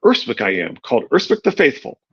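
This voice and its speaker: A man's voice: fairly high pitch, sing-song, a little fast, creaky, a bit bright, slightly rough, lo-fi sound, voice pushed up, exaggerated voice. A man reading aloud and voicing a cadaverous, coldly courteous sellsword leader. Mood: mock-polite.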